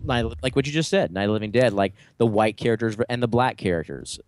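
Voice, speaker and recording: A man's voice: lowish voice, quick pace, no echo. A man co-hosting a casual horror-movie podcast, chiming in with joking asides. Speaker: podcast co-host. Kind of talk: casual film discussion.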